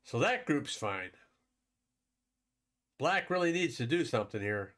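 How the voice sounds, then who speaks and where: A man's voice: medium pitch, sing-song, unhurried, a bit bright. A man from Wisconsin hosting a live stream, chatting casually with viewers while commenting on a board game and laughing often.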